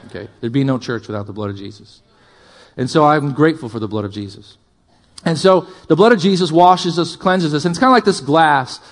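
A male pastor preaching a sermon, impassioned, with loud emphatic build-ups, quieter asides and jokes for the congregation. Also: fairly high pitch, fairly quick.

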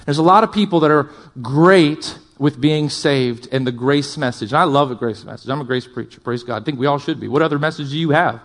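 A male pastor preaching a sermon, impassioned, with loud emphatic build-ups, quieter asides and jokes for the congregation. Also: a little high, a little fast, hardly any pauses.

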